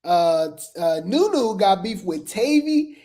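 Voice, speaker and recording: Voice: mid-range voice, big pitch swings, slow, mellow. A host giving casual, gossipy commentary on reality TV drama, chatting straight to viewers and repeating phrases.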